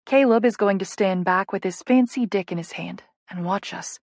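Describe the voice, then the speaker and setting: A woman's voice: on the low side, fairly even intonation, normal speed, hardly any pauses, dry recording. A woman narrating a first-person romance audiobook in an intimate, playful way, on a close studio mic.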